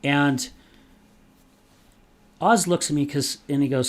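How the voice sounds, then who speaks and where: A male podcast host tells a personal story in a loose, emphatic way. His voice sits in a middle pitch, and his talk is casual and lively. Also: moderate pace, long pauses, slight background noise. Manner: animated, emphatic, swears casually.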